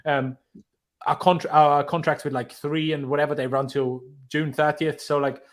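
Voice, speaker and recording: Male stream host, slightly high voice, loose rambling chat with frequent laughs. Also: flat delivery, normal speed. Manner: rambling, laughs often, many fillers. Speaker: host of a football fan livestream. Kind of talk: casual chat.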